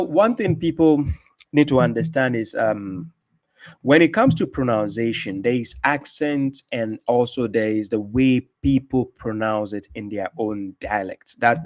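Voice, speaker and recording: A man's voice: mid-range voice, darkish tone. A man from Ghana, hosting a show and chatting casually, with many restarts and fillers. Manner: rambling, with frequent restarts and fillers. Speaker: online show host. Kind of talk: casual commentary, reacting to chat.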